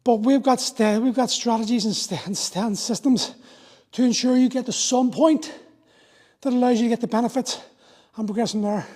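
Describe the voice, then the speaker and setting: A man's voice: very high voice, darkish tone. A man in his forties, a fitness coach talking through a live workout, explaining and motivating in an earnest way. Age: 40s.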